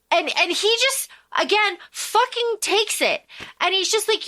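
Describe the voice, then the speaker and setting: A woman's voice: very high-pitched, very animated, unhurried, bright, forceful tone, dry recording. A woman co-hosting a podcast in casual chat, emphatic and swearing freely. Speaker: podcast co-host.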